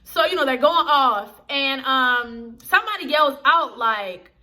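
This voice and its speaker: A woman's voice: high-pitched, animated, measured pace, few pauses, sharp tone. A young woman reviewing a TV episode in casual chat to camera, talking straight to her viewers in a slangy, chatty way.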